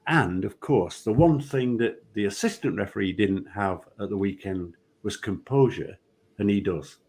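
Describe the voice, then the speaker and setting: In a voice on the low side and at a moderate pace, an older ex-referee shares stories from his past. He's an animated teller who voices the characters as he goes.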